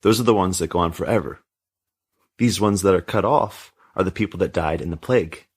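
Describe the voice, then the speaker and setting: A man's voice: deep voice, fairly quick, slightly rough. A man voicing a stern, fearful mother who lectures her teenage daughter, read as a storybook scene. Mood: lecturing. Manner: lecturing, controlling. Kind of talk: storybook reading.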